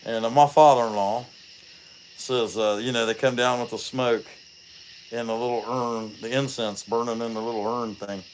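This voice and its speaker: Over slight background noise, a mid-range male voice at normal speed hosts a chainsaw carving livestream. He chats casually, rambling and joking with many fillers and lively stories.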